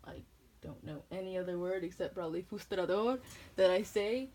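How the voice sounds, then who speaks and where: A woman's voice: fairly low pitch, moderate pace, darkish tone, poor audio. A woman from New England rambling through tangents in a casual chat. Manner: rambling, jumps between tangents.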